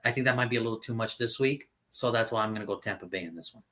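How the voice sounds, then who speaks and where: A man co-hosting a casual sports show, making football picks with jokes and the odd curse. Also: on the low side. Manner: animated, swears, quick jokes. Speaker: podcast co-host.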